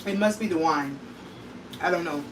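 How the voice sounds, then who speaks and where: A woman's voice: low-pitched, normal speed, far from the mic, noisy background. A woman vlogging casually from her home kitchen, talking straight to her viewers in a tired, emotional way. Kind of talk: casual vlog talk to viewers.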